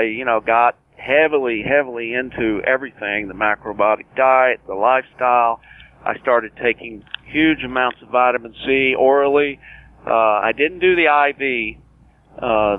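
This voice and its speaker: A man's voice: mid-range voice, fairly even intonation, measured pace. A man in his sixties, a guest telling his story of surviving cancer in an earnest, plain-spoken way, often restarting his sentences and acting out past conversations. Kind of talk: personal storytelling interview. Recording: tinny phone line.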